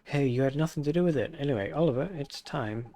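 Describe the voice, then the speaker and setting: A man's voice: mid-range voice, quick pace, mellow, pitched above the performer's own voice, lightly acted. A man voicing a chirpy fairy sidekick from a game with a put-on Welsh accent, reading the lines aloud in a cheeky, upbeat way.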